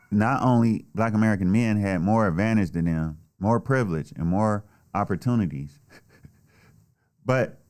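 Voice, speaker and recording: A man's voice: fairly low pitch, darkish tone. A man delivering a blunt, heated, heavily profane solo political rant. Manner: blunt, heated, swears often. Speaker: political commentator.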